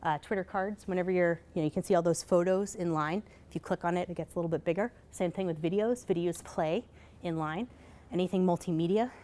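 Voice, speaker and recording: Casual woman presenting, lower voice. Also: warm tone. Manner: casual, many fillers, rhetorical "right?" tags; hurried, self-correcting. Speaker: conference presenter. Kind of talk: live presentation. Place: conference session.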